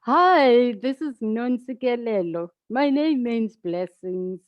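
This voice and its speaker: A woman's voice: a little high, animated, takes it slowly, no room sound, dull audio. South African woman on a video call. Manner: patient, teaching pronunciation step by step. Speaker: guest, founder. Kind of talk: casual video call conversation.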